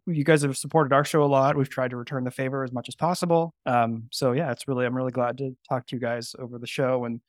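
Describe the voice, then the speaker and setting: Chatty guy cohosting a podcast, rambly and excited, dry close sound. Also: medium pitch, no room sound. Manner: eager, rambling, upbeat. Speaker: podcast co-host. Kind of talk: casual podcast chat.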